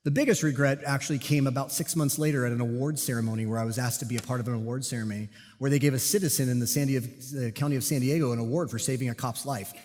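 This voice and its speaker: A man preaching a sermon, telling a personal police story with lively, self-deprecating humor. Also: mid-range voice, very fast, hardly any pauses. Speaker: pastor and police officer. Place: church sanctuary. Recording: long hall reverb.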